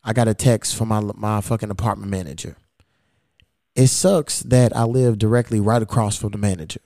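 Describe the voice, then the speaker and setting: This man speaks in a lowish voice at a slightly quick clip, hosting a podcast and spinning a story in loose, chatty fashion. He swears heavily and performs each quoted back-and-forth with animation. The audio is clean studio quality with no room sound.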